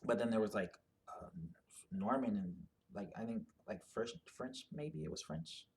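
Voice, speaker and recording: A man's voice: medium pitch, animated, unhurried, gravelly, a little mellow, a little hiss or hum. A man giving a casual explanatory monologue, rambling and thinking aloud with many fillers and restarts. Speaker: commentator on genetic ancestry.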